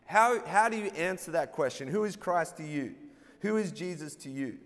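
A man's voice: fairly high pitch, expressive, normal speed, a bit bright. A man preaching a sermon, playful, calling out for the congregation to answer back and laughing at his own jokes. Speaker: pastor. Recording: long hall reverb.

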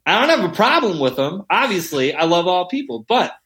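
Animated, profane man telling stories. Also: high voice, a little fast. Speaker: podcast guest. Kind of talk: casual storytelling chat. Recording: roomy echo.

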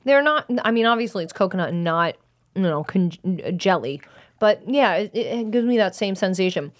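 A woman's voice: mid-range voice, lively intonation, normal speed. A woman co-hosting a podcast, chatting casually and laughing as she talks with her mouth full. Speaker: podcast co-host. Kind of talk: casual chat while tasting snacks. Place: small studio in a black box theater.

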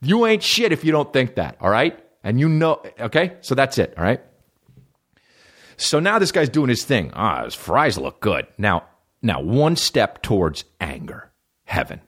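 A man hosting a solo comedy podcast, telling a story with plenty of swearing. His pitch swings widely as he jumps between his own voice and the people he quotes. He sounds like a man in his thirties. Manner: animated storytelling, profane, acts out voices of others. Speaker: podcast host.

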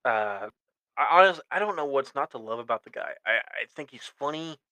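Solo podcast host, man with a bright forceful voice, rambles and corrects himself, dry close mic. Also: mid-range voice, animated, a little fast, no room sound, poor audio. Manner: rambling, self-correcting, opinionated fan talk. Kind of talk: solo sports podcast monologue.

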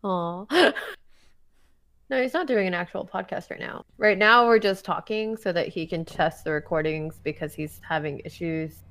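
A woman's voice: fairly low pitch, normal speed, a bit bright. A woman chatting casually on a voice call, wry and laid-back, swearing easily. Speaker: guest, joking co-host. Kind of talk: casual chat. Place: home, on a voice call.

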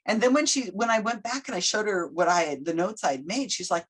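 Lively, husky woman telling stories. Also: medium pitch, brisk. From United States. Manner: animated storyteller acting out quoted voices. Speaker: guest. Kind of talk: casual podcast interview.

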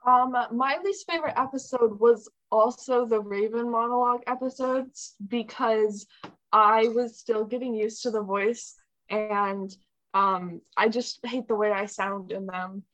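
A woman's voice: fairly high pitch, fairly even intonation, measured pace, fairly bright tone. A woman voice actor in a casual group chat, playful and self-critical. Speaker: voice actor on the show.

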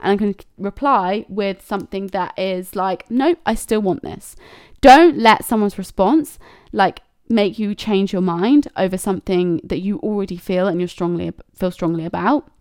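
A woman's voice: mid-range voice, normal speed, a little mellow, clean tone, dry recording, clean studio sound. A woman hosting a casual advice monologue, candid and blunt, swearing freely and acting out quoted messages. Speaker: podcast host.

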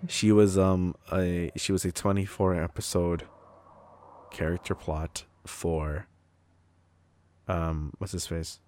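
A man's voice: sits low, little pitch movement, slow pace, pauses often, darkish tone. A man in casual chat, rambling and swearing a lot while retelling a show's plot. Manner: profane, rambling, acts out characters' lines.

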